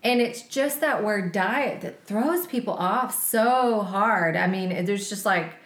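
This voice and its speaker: A woman's voice: medium pitch, slow pace, reverberant. A woman in her forties co-hosting a podcast, talking in an enthusiastic, chatty way. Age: 40s. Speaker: podcast co-host. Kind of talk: casual chat.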